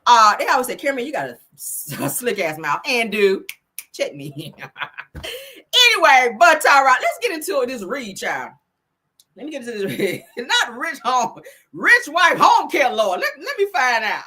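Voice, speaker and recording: A woman's voice: high-pitched, sharp tone. A woman hosting a casual celebrity gossip livestream, sassy and profane, laughing often and talking straight to her viewers.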